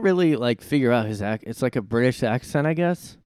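Fairly quick and with few pauses, this podcast host rants casually on his own show from his room, rambling and sarcastic, swearing plenty. His voice is mid-range with lively intonation and a darkish, smooth tone, recorded at studio quality with no echo.

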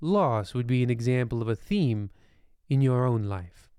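A man narrating a comic bedtime story in a deadpan, rambling way with ominous asides. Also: medium pitch, a little slow, smooth, no echo.

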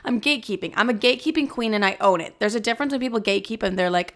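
A woman's voice: on the high side, very fast, few pauses. A woman in her twenties hosting a podcast, chatting casually with crude, self-mocking humor. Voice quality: gravelly vocal fry. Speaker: podcast host. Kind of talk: casual chat. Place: home, street noise outside.

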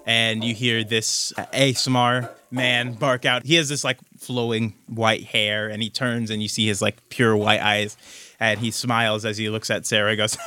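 Bright-voiced game master narrating a tabletop game. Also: male voice, lowish voice, little pitch movement, normal speed, a little hiss or hum. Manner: descriptive, conversational, with frequent "like" and "kind of".

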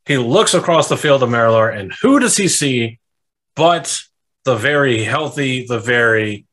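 Dude on a podcast roasting a book character, swears a lot, average pitch, quick little impressions here and there. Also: male voice, expressive, fairly bright tone. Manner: profane, riffing, breaks into quick character voices. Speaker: podcast co-host. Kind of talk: casual comedic book chat.

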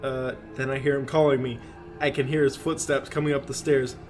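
A man's voice: mid-range voice, flat delivery, brisk, faint music behind. A man co-hosting a podcast, reading a creepy story aloud and breaking off to laugh and joke. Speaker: podcast co-host.

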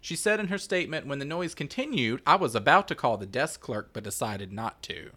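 A man co-hosting a podcast, telling a true-crime story in a jokey, casual way with quick asides and frequent laughter. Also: medium pitch, animated, sharp tone, slightly rough.

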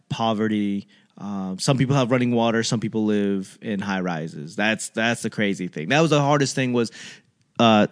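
Rambling man telling stories. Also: fairly low pitch. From Boston, USA. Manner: rambling, self-deprecating, loses his train of thought. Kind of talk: casual comedic monologue.

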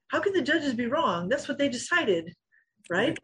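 A woman's voice: sits high, moderate pace, breathy edge, low-quality recording. A middle-aged woman, a former fighter, telling stories in an interview, acting out quotes and laughing often. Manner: animated storyteller, acts out quotes, laughs often. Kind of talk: storytelling interview.

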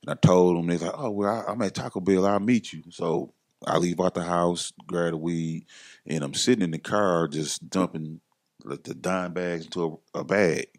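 A man's voice: low-pitched, steady tone, moderate pace. A man, a podcast guest, telling his story in casual slang and acting out the voices of the people he quotes.

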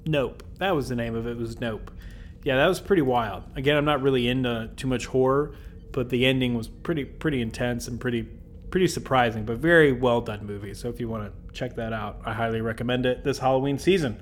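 A man's voice: mid-range voice, fairly quick, a little hiss or hum. A young man hosting a podcast, chattily recapping episodes, laughing and slipping into silly character voices. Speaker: podcast host.

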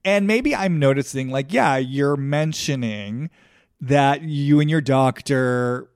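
A man's voice: mid-range voice, takes it slowly, clean tone, no room sound, clean studio sound. A man hosting a casual podcast conversation, asking probing, reflective questions. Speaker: podcast host.

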